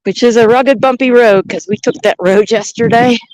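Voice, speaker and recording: A woman's voice: on the high side, moderate pace, a little mellow, no echo, rough recording. A woman vlogging outdoors on a mountain trail, chatting and thinking aloud into a handheld camera as she hikes. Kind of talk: casual walking vlog narration.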